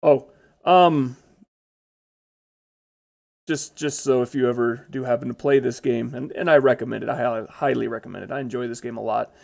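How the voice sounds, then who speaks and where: A man's voice: medium pitch, steady tone, moderate pace, creaky, pauses often, a little mellow. A man giving casual, chatty commentary over his own gameplay, blurting out exclamations when startled.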